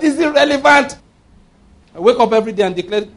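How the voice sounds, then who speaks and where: A Nigerian man preaching a sermon as a pastor, lively, with frequent laughter and mocking asides. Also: very high voice, fast, long pauses.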